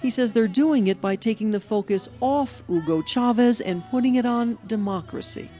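A woman's voice: on the high side, soft background music. Woman reading a radio news report. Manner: measured, even reporting delivery. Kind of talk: scripted news narration.

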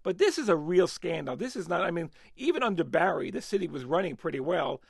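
Radio politics guy, kinda gravelly, lots of uh and restarts, dry studio sound. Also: on the high side, sing-song, a little fast, dry recording. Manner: hesitant, many fillers and restarts. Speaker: political analyst. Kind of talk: radio talk segment.

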